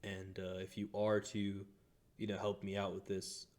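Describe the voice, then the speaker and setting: A man voicing a scheming, vengeful male crime boss in a tabletop game, speaking in a calm, measured way. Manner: calm and measured, flaring into booming rage.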